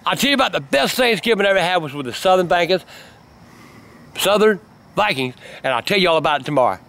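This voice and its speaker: A man's voice: high voice, animated, quick pace, gravelly, a bit bright. An older man telling rambling stories full of cursing, snapping at his son whenever he interrupts. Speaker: grandfather telling family stories. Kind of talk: casual storytelling on camera.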